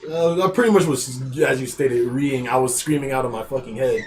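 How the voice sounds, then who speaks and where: A man's voice: medium pitch, fairly quick, slight background noise. A young man hosting a podcast, rambling through a school story in a loose, swear-heavy casual chat. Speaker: podcast host.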